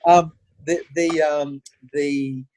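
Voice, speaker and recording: A middle-aged Australian man, a podcast guest, telling stories in an animated, conversational way and acting out the voices of the people he quotes. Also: on the high side, takes it slowly, a little hiss or hum. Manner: animated storyteller who acts out quoted voices. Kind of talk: conversational interview storytelling.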